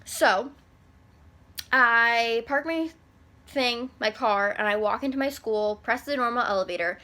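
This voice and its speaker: A young woman tells a story to her camera in a loose, rambling way, sprinkling "like" through nearly every sentence. Her voice is bright and sits a little high. The delivery is casual and conversational. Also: unhurried. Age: young adult. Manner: chatty, rambling, filler-heavy with frequent "like". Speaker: vlogger.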